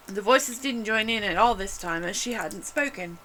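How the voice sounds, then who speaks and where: A woman reading a classic storybook aloud, expressive, with small restarts now and then. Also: medium pitch, normal speed, few pauses, slight background noise, poor audio. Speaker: reader.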